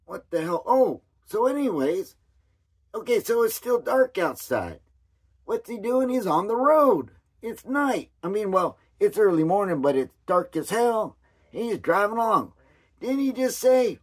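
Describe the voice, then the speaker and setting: A man rambling through a casual commentary vlog with a hoarse voice, often losing his train of thought. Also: high-pitched, lively intonation, a little slow. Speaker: commentary vlogger.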